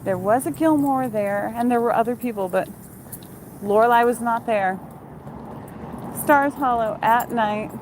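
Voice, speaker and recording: A woman's voice: a little high, a little slow, pauses often, darkish tone, a little hiss or hum, poor audio. A woman talking casually while walking her dog outdoors at night, chatty and swearing now and then, recorded on a phone. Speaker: vlogger and former TV costumer. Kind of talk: casual chat while walking dog, reading viewer questions. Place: outdoors on a town street at night.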